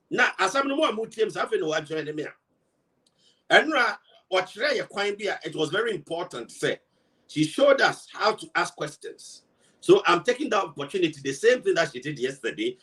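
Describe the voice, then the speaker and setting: A man's voice: high voice, pushed and bright, recorded from a distance. A man with a Ghanaian accent, a political party member giving a heated rebuttal, emphatic and full of rhetorical questions as he switches between Twi and English.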